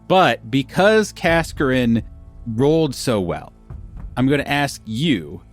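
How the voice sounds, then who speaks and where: A man acting as game master for a tabletop role-playing game, animated and often laughing. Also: medium pitch, takes it slowly, faint music behind.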